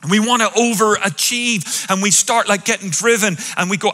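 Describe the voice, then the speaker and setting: A man from Europe, a pastor preaching a sermon in a big church, animated and quizzing his congregation with questions. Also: sits high, moderate pace, few pauses, big-room sound. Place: large church hall with an audience.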